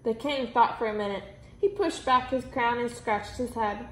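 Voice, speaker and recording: A woman reading a children's story aloud, with expressive storytelling. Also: on the high side, moderate pace. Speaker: reader. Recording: roomy echo.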